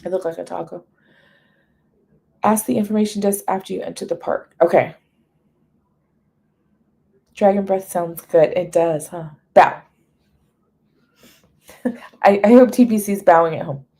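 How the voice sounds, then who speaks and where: A chatty woman hosts a live stream with a warm, mellow voice. She reads menu items aloud as long lists and greets her viewers by name. Her talk is easygoing and casual. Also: on the low side, a little slow, creaky, long pauses. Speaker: livestream host.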